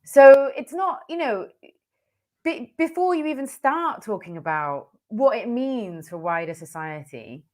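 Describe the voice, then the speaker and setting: A woman's voice: on the high side, big pitch swings, darkish tone. Emphatic woman in chat. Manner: quick, emphatic, conversational with fillers. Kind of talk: casual political chat.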